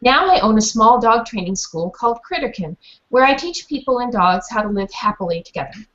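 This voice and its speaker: A woman's voice: a little high, animated, brisk, a bit bright, dull audio. A woman voicing a friendly, plain-spoken older woman, a retired teacher turned dog trainer, in a storybook reading.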